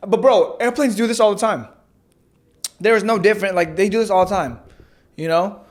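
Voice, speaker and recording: A man's voice: sits high, a little fast. A young man co-hosting a podcast, chatting casually with loose, profane, laughing banter. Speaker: podcast co-host. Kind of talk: casual chat.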